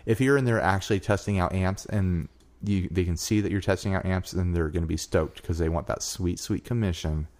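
Low-voiced man giving casual gear advice. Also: fairly quick. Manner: relaxed, advice-giving, easygoing. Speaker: podcast co-host. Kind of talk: casual chat.

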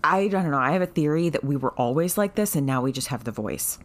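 A woman's voice: low voice, animated, fast. A woman co-hosting a book club podcast in casual chat, wry and chatty with frequent laughs. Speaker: podcast co-host.

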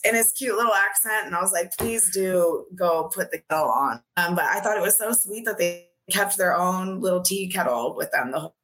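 A woman's voice: medium pitch, brisk, hardly any pauses. A woman chatting casually on a podcast over a video call, filling her talk with "like" and laughing often. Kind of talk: casual chat.

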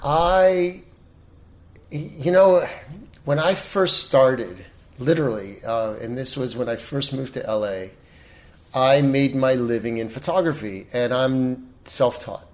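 A middle-aged man talks as a guest in a relaxed interview. He tells stories animatedly and restarts his sentences often, at a pitch of ordinary height. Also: takes it slowly. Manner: animated storyteller, many restarts. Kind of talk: casual interview storytelling.

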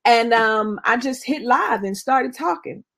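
Expressive woman minister telling her story. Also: on the high side, measured pace. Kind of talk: personal testimony in conversation.

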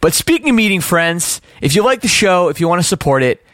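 A young Canadian man hosting a podcast, chatting in an upbeat, easygoing way. His voice sits a little high and sounds dry and close to the mic. He talks in casual bursts, from a home studio over a video call. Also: very animated, a little fast, fairly bright tone, dry recording. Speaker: podcast host.

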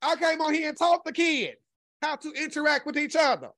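A man hosting a casual livestream, talking back to his chat in a sassy, profane way and sliding from a low drawl up to high exclamations. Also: brisk, sharp tone. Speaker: host.

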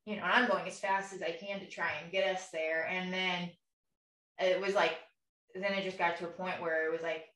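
A woman's voice: lowish voice, little pitch movement, normal speed, fairly bright tone. Young woman, podcast co-host, chatty and emotional storyteller, roomy distant sound. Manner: emotional retelling with acted-out quotes, many fillers. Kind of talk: casual conversational storytelling. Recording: echoey room, voice a bit far from mic.

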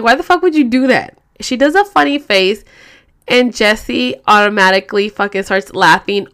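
A woman's voice: mid-range voice, smooth. A woman tells a story in a loose, rambling way. Her speech is full of swearing and filler words. She sounds like she is in her thirties and talks casually to her viewers. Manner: profane, rambling, animated. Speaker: vlogger.

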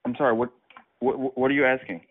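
A man's voice: medium pitch, level tone, quick pace. A man answering a shop phone, confused and stammering before ending the call. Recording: tinny phone line.

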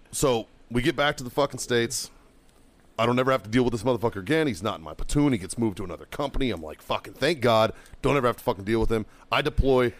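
A man's voice: mid-range voice, expressive, fast talker. Profane middle-aged man telling war stories. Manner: heavily profane, heated storytelling; bursts into loud yelling while acting out quotes. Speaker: podcast co-host and former Marine. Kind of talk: casual chat, storytelling.

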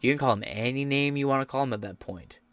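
A man's voice: medium pitch, quick pace, a bit bright, dry recording, soft background music. A man hosting a podcast, giving a profane, sarcastic, rambling rant of political commentary. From United States. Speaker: podcast host.

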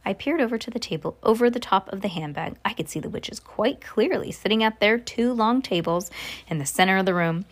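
A woman's voice: mid-range voice, animated, brisk. Woman casually reading a storybook aloud. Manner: reads aloud, stumbles and restarts, chats about the story between passages. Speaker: reader. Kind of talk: casual read-aloud of a children's book.

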